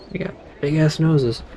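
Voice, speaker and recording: A man's voice: a little high, dark tone, slight background noise, poor audio. A man narrating a game playthrough, reading descriptions aloud with casual asides. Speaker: gamer reading dialogue aloud. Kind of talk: let's play narration.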